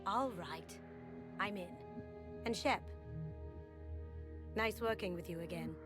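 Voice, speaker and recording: An actress playing a playful, teasing young master thief in a video game. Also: female voice, mid-range voice, takes it slowly, music in the background, natural voice. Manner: teasing, light.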